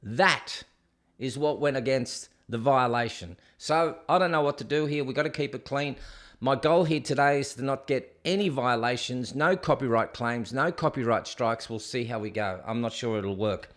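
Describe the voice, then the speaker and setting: A man's voice: mid-range voice, normal speed, a bit bright. A middle-aged man with an Australian accent hosting a casual solo livestream, chatty and jokey as he rambles and reads viewer comments aloud. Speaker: host.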